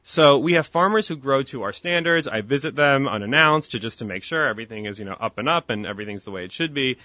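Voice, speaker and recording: Bright-voiced, earnest talkative man. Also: mid-range voice, lively intonation, quick pace, dry recording. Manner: earnest, talkative, restarts often. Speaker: guest, kosher meat company founder. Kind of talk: casual interview chat. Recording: dull lo-fi dry recording.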